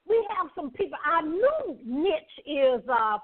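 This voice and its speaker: Over a tinny, phone-like line, a woman with a Southern US accent hosts an inspirational radio show. Her high, sing-song voice moves slowly, and she's exuberant and preacherly, throwing call-and-response questions out to her listeners.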